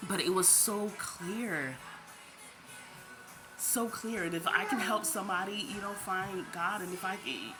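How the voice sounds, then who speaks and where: With music playing underneath, this woman gives a personal faith testimony on her vlog, addressing viewers directly as "y'all." She sounds animated and a little slow in a mid-range voice, sometimes tearful, often repeating herself.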